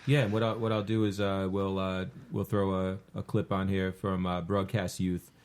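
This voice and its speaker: Low-voiced man hosting a podcast. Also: level tone, moderate pace, a little mellow, smooth. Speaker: podcast host. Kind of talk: casual chat.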